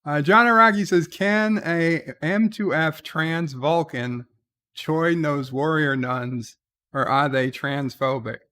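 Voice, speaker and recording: A man with a high-ish, bright, forceful yet smooth voice speaks slowly while running a casual livestream. He reads chat comments out loud and responds with wry replies, dropping many "uh"s between lines.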